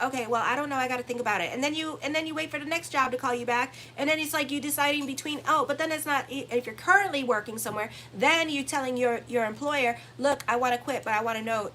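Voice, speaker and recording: A woman astrologer runs through a weekly horoscope in a loose, chatty way. She is blunt and profane, teasing her listeners as she goes. Her voice is bright and forceful, a touch high for a woman, with a faint hiss of noise behind it. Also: rough recording. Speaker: astrologer and tarot reader. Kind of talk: casual weekly horoscope reading.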